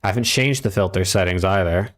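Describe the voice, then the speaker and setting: Young male streamer, relaxed, swears a lot, chats with viewers on a desk mic at home. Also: low voice, quick pace. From United States. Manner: laid-back, profane, talks to chat and reads out usernames. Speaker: streamer hosting a watch party. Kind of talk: casual live-stream chat.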